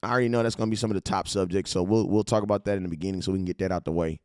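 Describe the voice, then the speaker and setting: A man from California hosting a casual fan-show livestream, hyped and slangy as he shouts out his viewers. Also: sits low, fairly even intonation, very fast, smooth, no room sound, studio quality. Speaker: livestream host.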